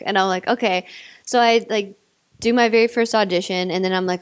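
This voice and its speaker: A woman's voice: medium pitch, steady tone, fairly quick, clean tone. A young woman from North Carolina with a faint Southern accent, chatting as an interview guest, bubbly and giggly with lots of likes and ums. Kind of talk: casual interview chat.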